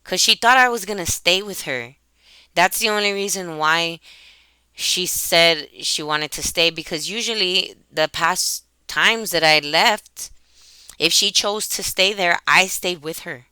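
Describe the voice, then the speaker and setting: A woman, a mother, recounting a personal family conflict to a webcam in a halting way, repeating words and restarting sentences. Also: fairly low pitch, sharp tone, clean tone, no room sound. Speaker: mother telling a personal story. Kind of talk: emotional personal storytelling to camera.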